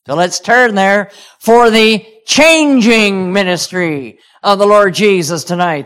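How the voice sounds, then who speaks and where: A man preaching with a notably high voice. He speaks earnestly, moving between prayer and anecdote in sermon style. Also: slow, fairly bright tone, clean tone. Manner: earnest, storytelling with chuckles.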